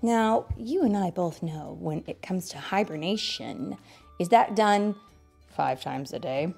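A woman reading a children's story aloud in a playful, animated way, asking her listeners questions. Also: fairly low pitch, a little slow, vocal fry, husky, soft background music.

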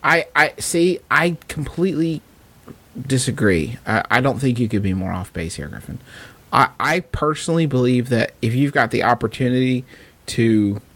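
A man's voice: mid-range voice, animated, normal speed, fairly bright tone. A man co-hosting a comedy podcast, joking around and reading out listener questions. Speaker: podcast co-host. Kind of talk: casual comedic banter.

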